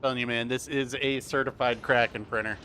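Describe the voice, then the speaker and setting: A relaxed man talks his way through a live game stream, tossing out jokes and chuckling between his remarks. His voice sits at an ordinary middle pitch. A faint hiss runs underneath. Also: fairly quick. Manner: chatty, laughs often, jokey asides. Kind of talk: live gameplay commentary.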